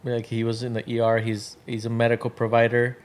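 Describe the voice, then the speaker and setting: This drink brand founder, guesting on a podcast, speaks at medium pitch in a monotone and at a fairly quick clip. He hails from Washington's Tri-Cities area. His storytelling is loose and full of fillers, with quotes from others acted out as he rambles.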